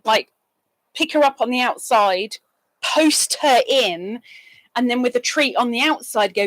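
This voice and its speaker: A woman's voice: expressive, a little slow, fairly bright tone, no echo. A woman hosting a casual crafting livestream, telling little stories and greeting people in the chat. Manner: chatty, drifts between stories and chat greetings, with squeaky bursts.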